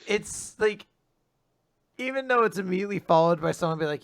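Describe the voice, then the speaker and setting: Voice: medium pitch, lively intonation, fairly quick. A podcast co-host in casual chat, joking and giggling about a manga chapter.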